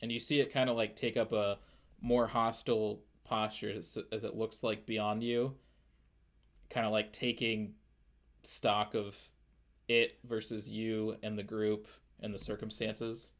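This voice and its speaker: A man's voice: on the low side, level tone, a little slow. A man narrating as game master, loose and full of fillers. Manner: loose, filler-heavy descriptions.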